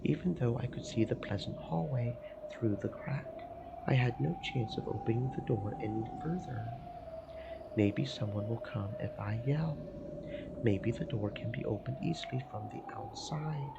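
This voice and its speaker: A man streaming a let's play, reading first-person visual novel narration aloud in a slow, emotive way with game music behind. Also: mid-range voice, creaky, dull audio, very noisy. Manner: slow, emotive reading that swells into panicked repetition.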